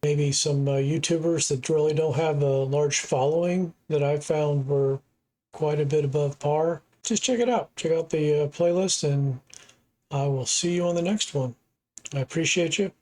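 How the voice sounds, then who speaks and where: A man's voice: a little high, normal speed, a little mellow, low-quality recording. A middle-aged man from the United States, hosting a reaction video and talking in a plainspoken, rambling way. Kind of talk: casual commentary.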